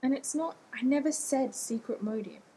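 An anxious, rambling man pleads with his partner in quick, self-deprecating bursts, as a woman narrator puts him on. His voice sits fairly high. A faint low rumble runs under the recording. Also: mellow, low-quality recording.

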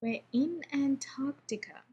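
A woman's voice: high voice, slow, a little mellow, lo-fi sound, voice pushed up. A woman voicing a terse, dry-spoken man on a hike, read as part of a story. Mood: exasperated.

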